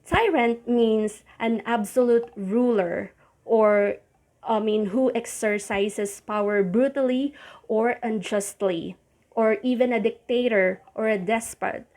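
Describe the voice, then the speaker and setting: A woman teaching English pronunciation, saying each word slowly and repeating it, often correcting herself as she goes. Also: on the high side, darkish tone. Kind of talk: casual teaching.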